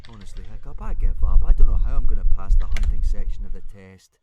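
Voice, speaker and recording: A man's voice: fairly low pitch, expressive, quick pace, heavy background noise, lightly acted. A man voicing a gloomy, anxious young boy with a drawling, despairing manner. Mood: glum. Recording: loud keyboard typing behind.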